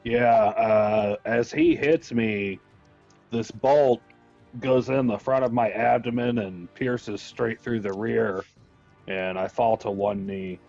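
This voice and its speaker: A low-pitched man speaking very slowly as a tabletop game player, describing his character's moves at length. His voice comes through a dull, lo-fi recording with faint music behind it. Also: a little mellow.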